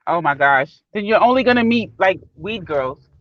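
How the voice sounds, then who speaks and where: A woman's voice: on the low side, moderate pace, no room sound. Dry, lo-fi woman from Brooklyn. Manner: expressive, acts out quotes, laughs easily. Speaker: panelist on a live talk show. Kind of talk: casual live-stream chat.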